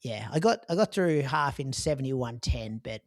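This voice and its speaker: An Australian man tells a long race story in a relaxed podcast chat, leaning on fillers as he goes. His voice sits at an ordinary middle pitch. It is recorded dry, with no room sound around it. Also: normal speed, dry recording. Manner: chatty storytelling with frequent "like" and "um". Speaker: podcast co-host recounting a marathon.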